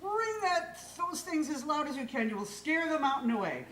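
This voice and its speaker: A woman voicing an old wise village man who speaks slowly and calmly, in a low, pondering way. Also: slight background noise. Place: live stage in a hall. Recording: echoey hall from far off.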